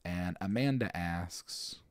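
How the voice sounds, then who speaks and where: This host, a man in his thirties from the American South, works through listener questions on his casual podcast, rambling and often restarting amid lots of fillers. He speaks slowly in a low voice, and the studio-quality recording is dry.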